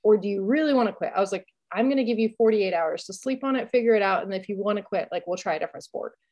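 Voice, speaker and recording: A woman in her thirties talks in a loose, chatty way, padding her sentences with fillers. Her voice sits at a middling pitch, and she breaks into laughter often. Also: fast, a little mellow. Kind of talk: casual chat.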